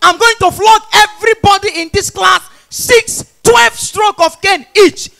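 A man's voice: very high voice, measured pace, gravelly, pushed and bright, soft background music, voice pushed up, heavily acted. A man doing a barking Nigerian school principal. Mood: stern. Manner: barking orders. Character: stern shouting male school principal.

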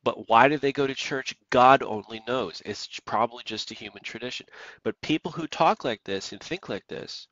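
A man's voice: mid-range voice, moderate pace, a bit bright, no echo, dull audio. A man preaching an emphatic sermon, repeating his points and reading scripture aloud.

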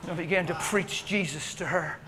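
Male preacher, high-pitched, passionate storyteller, hushed to loud, echoing church hall. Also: moderate pace, noisy background. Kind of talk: sermon.

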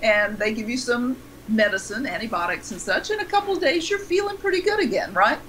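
A woman's voice: on the high side, lively intonation, fairly quick, fairly bright tone, slight background noise, poor audio. A middle-aged woman, a guest on a talk show, explaining things in a conversational way. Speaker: guest speaker on dementia. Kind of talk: interview answers.

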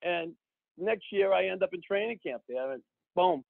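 A man, telling a story as a podcast guest in an animated way, acting out the people he quotes. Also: sits high, normal speed, gravelly, dry recording. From Boston. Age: 60s. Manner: animated, acts out quoted people, keeps adding "right?". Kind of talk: casual storytelling. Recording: dry, phone-like narrow sound.

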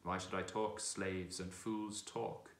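A proud, brisk talking war horse, a stallion with a scornful, commanding manner, as a man reads him aloud from a storybook. The voice is very deep and low. It rings in an echoey room. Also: level tone. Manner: brisk, commanding, contemptuous at times.

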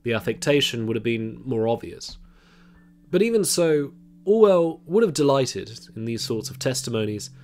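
Measured male documentary narrator. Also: mid-range voice, big pitch swings, a little mellow. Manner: measured, reads quotations aloud. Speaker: history channel narrator.

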